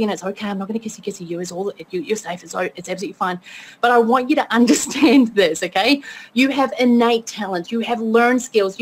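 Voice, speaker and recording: Upbeat higher-voiced woman coaching online. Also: a little hiss or hum. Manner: upbeat, chatty, keeps asking okay. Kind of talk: motivational webinar talk.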